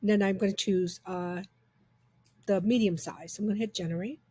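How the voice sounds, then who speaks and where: A woman reviewing software in an upbeat, chatty, enthusiastic way, walking through a screen demo. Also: medium pitch, fairly even intonation, normal speed, breathy edge.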